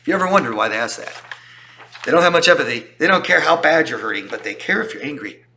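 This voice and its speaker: A man's voice: on the high side, animated, fast, creaky, pushed and bright, a little hiss or hum. A man talking as a relationship coach in a casual explanatory style, emphatic and repeating points for stress. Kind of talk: casual explanatory talk to camera.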